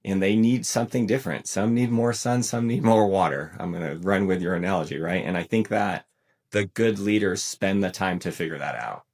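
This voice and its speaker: A man's voice: low-pitched, brisk, a little mellow. A middle-aged American man, a retired Marine and podcast guest, talking thoughtfully in casual conversation. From United States. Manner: thoughtful, builds on metaphors.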